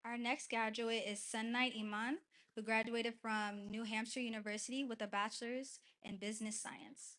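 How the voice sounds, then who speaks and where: A woman's voice: a little high, little pitch movement, a bit bright. A woman announcing graduates at a church event, reading plainly with small restarts. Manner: plain, slightly halting reading with self-corrections. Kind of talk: reading introductions. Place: church hall.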